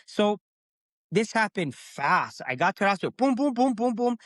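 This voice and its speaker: As a guest on a podcast, a middle-aged man speaks at normal speed in a high-pitched voice, casually recounting his own story. He animates it by acting out his past words, and the recording is dry.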